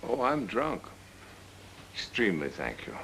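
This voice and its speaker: A drunk, sardonic prosecutor. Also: male voice, low-pitched, sing-song, unhurried, a bit bright, a little hiss or hum, full character voice, low-quality recording. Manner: sarcastic, wry. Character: weary married male prosecutor, sardonic flirt. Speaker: assistant district attorney. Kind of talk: 1940s film acting.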